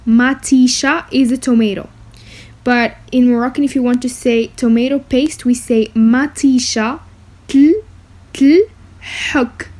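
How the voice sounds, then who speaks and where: A woman teaching beginner vocabulary, saying each word slowly and repeating it, often checking in with "okay?". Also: fairly high pitch, fairly even intonation, darkish tone. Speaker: language teacher. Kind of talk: slow vocabulary lesson with repetition.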